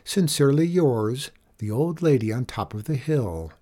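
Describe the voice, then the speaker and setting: A man's voice: expressive, moderate pace, warm tone, close to an everyday voice. A man reading a storybook aloud and voicing a kind, worried old woman. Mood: fussing. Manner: anxious, raised pitch. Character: fretful kindly old woman.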